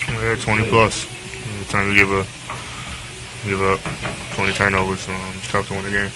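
Pro ball player after the game, deep flat voice, lots of ums, noisy room. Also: male voice. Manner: flat, halting, many "um" fillers. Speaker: basketball player in postgame interview. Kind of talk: postgame locker room interview.

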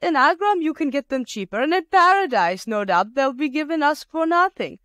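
A woman voicing a peasant woman who is calm and shrewd and speaks in a matter-of-fact way while she haggles. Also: high-pitched, moderate pace, dry recording, clean studio sound, voice pushed up.

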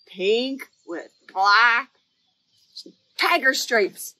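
High-pitched, animated storytime woman. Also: drawn-out words. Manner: animated, sing-song, playful. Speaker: children's librarian host. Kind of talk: children's storytime.

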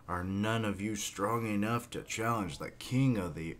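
A man voicing a boastful orc chief. He sneers at his foes in a deep, unhurried voice. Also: fairly bright tone, a little hiss or hum. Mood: scornful.

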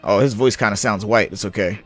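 A young adult man giving casual let's-play commentary, slangy and excitable, hyping and yelling at the game as he plays. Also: fairly low pitch, a little fast, soft background music. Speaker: gaming YouTuber.

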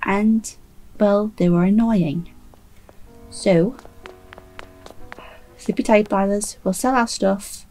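A woman's voice: medium pitch, slow, pauses often, dark tone, poor audio. Woman gaming youtuber rambling while she plays, kinda sleepy, faint music behind. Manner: chatty, self-mocking asides. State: sleepy, trying not to yawn. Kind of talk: casual game commentary.

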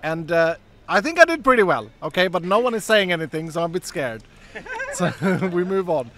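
A man's voice: high voice, big pitch swings, fairly quick, fairly bright tone. A man chatting casually on a livestream while presenting player builds, amused and laughing often.

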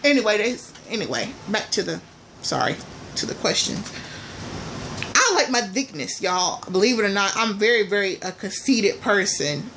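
A woman vlogger chatting casually and playfully to her viewers, calling them y'all, with loud bursts between quieter asides. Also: medium pitch, moderate pace, a little hiss or hum. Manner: animated, swings between soft asides and loud exclamations.

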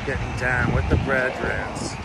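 A man rambling through a jokey, absurd street vlog outdoors, swearing and breaking into sudden squeaky outbursts. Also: flat delivery, a little slow. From Canada. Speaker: vlogger. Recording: outdoor street noise and traffic.

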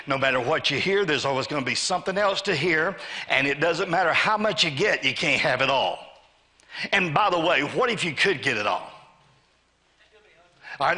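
A man's voice: on the high side, pushed and bright. A man preaching a sermon to a church congregation, calling for amens and acting out the voices of the people in his story. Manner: call-and-response preaching, asks congregation to say amen; acts out voices of a greedy man and of God. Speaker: pastor. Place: church sanctuary.

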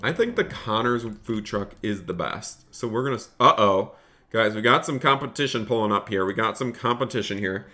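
A bright, forceful male voice streaming a game live, talking straight to his chat in an excitable, chatty rush. He keeps repeating little phrases and switches to a raised, cheery call when serving customers. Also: lowish voice, a little fast. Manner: repeats phrases, calls out in a raised shop-counter voice. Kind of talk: live gaming stream commentary.

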